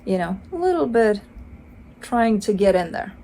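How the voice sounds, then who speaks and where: A woman of average pitch gives a casual tarot reading, chatting freely and swearing now and then. She playfully acts out the listener's voice in little exchanges. Faint noise sits behind her. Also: big pitch swings, moderate pace, dark tone. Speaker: tarot reader.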